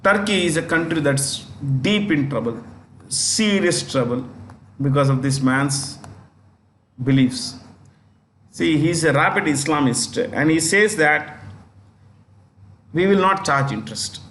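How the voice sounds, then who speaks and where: A man's voice: fairly high pitch, unhurried, a bit bright. A man with an Indian English accent giving an exam-prep current affairs lecture, repeating phrases and checking in with his students. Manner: repetitive, restarts phrases, checks in with "got it?". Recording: echoey room with faint noise.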